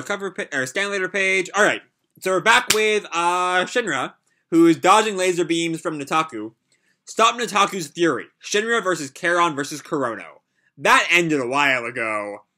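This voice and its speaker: A man reading a comic aloud and reacting live in a casual way, full of filler "like"s. His voice sits a little high and swings widely in pitch, with a bright, forceful edge.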